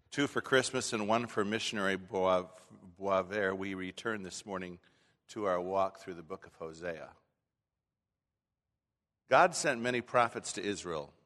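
A man's voice: low-pitched, a little slow, pauses often, fairly bright tone. A man preaching a sermon as a pastor in a church, talking in a folksy, conversational way with frequent restarts. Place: church sanctuary. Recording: long hall reverb.

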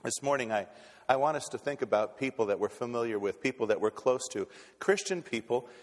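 A brisk, expressive preacher with a mid-range voice delivers a folksy sermon, restarting and tripping over repeated words. The recording carries the long reverb of a church hall in the sanctuary.

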